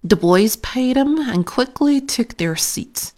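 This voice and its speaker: Woman reading a kids' storybook aloud, slow and sing-song, highish voice. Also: expressive, darkish tone. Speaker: storybook narrator. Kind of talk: children's storybook read-aloud.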